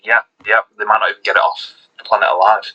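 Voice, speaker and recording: A young man with a low, husky voice and a bright, sharp edge, co-hosting a casual podcast. He rambles enthusiastically, trailing off and asking "do you know what I mean". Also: little pitch movement, quick pace, highs cut off. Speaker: podcast co-host.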